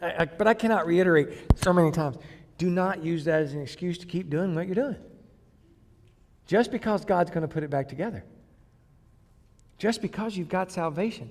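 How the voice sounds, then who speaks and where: High-voiced guy preaching, blunt and punchy, loud then hushed, echo hanging in a big church. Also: expressive, normal speed, pauses often. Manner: blunt, emphatic preaching with sudden loud bursts and quiet asides. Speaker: pastor. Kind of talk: sermon.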